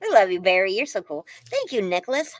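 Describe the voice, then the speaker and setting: A woman's voice: mid-range voice, big pitch swings, fast talker, no room sound. A woman hosting a live stream, answering chat in casual, rambling talk full of fillers and gushing praise. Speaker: livestream host reading chat.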